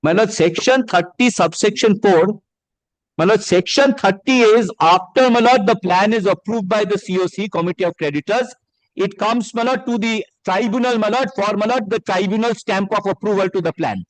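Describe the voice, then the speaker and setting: An advocate with a high-pitched voice argues in court at a quick pace, deferentially reading documents aloud to the bench with steady formality. The sound is dry and close, without room reverb.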